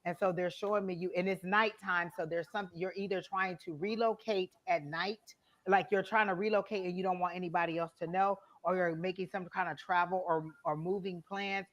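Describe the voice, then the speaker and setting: A woman's voice: on the low side, steady tone, a little fast. A woman tarot reader on a live stream, speaking straight to a viewer and asking many questions as she gives a reading.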